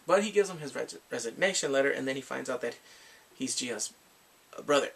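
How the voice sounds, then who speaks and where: A man's voice: mid-range voice, expressive, brisk, gravelly, a bit bright, slightly rough. A man casually recapping drama episodes, rambling and filling his talk with "like" and acted-out quotes. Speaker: drama reviewer.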